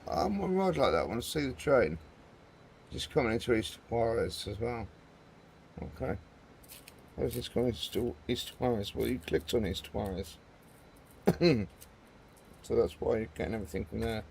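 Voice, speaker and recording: A man's voice: medium pitch, lively intonation, normal speed, gravelly, pauses often, darkish tone, slight background noise. A man hosting a gaming video, giving casual, rambling commentary and chatting to viewers as he plays.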